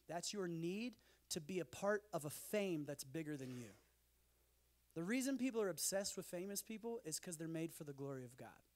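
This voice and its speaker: A man speaking at a conference in an animated, conversational sermon style with jokey asides. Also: fairly high pitch.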